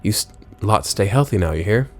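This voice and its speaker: A man voicing a gruff, scheming male kidnapper with a hammy lilt while reading a game aloud. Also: on the low side, expressive, fairly quick, pitched below the performer's own voice, lightly acted. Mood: gloating.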